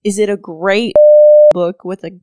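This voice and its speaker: A woman co-hosting a podcast in casual chat, making quick emphatic asides. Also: medium pitch, steady tone, warm tone, no room sound, clean studio sound. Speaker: podcast co-host.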